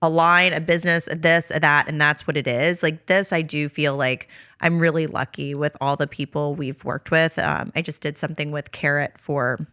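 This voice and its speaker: A young woman with a low yet bright, forceful voice talks loosely as a podcast co-host, filling her sentences with "like" and "you know". The sound is dry and close, with almost no room around her. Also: fairly even intonation, moderate pace, clear, resonant tone, no echo. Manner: rambling, many fillers like "like" and "you know". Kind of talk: casual chat.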